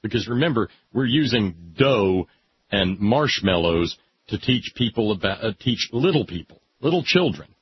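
Husky guy reading w dry sarcastic asides, lively pitch, muffled sound. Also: normal speed. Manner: sardonic, deadpan, with mock-pious readings. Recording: dull lo-fi recording.

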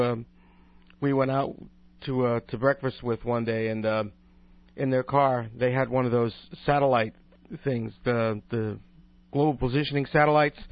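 A man's voice: medium pitch, dry recording, highs cut off. A man hosting his own talk radio show, chatting in a rambling, opinionated way with lots of restarts. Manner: rambling, with many restarts and asides. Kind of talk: casual talk radio monologue.

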